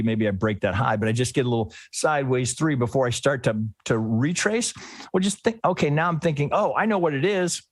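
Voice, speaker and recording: A man's voice: mid-range voice, no echo. A man teaching a trading lesson while he analyzes a chart live. He thinks aloud in a casual way, restarts his sentences often and keeps asking "right?". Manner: casual, occasionally swears. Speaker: trading educator.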